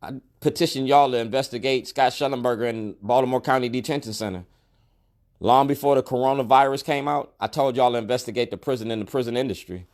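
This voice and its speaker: A man's voice: medium pitch, quick pace, a little mellow. A middle-aged store owner speaking straight to the camera in a protest monologue, colloquial and emphatic, repeating his key lines. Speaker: store owner and activist vlogger.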